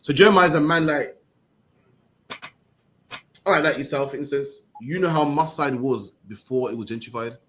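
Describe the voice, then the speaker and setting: A man's voice: medium pitch, normal speed, long pauses, fairly bright tone, slight background noise, poor audio. A man teaching scripture in slangy, emphatic street talk, ending his phrases with "man". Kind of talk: animated teaching with questions.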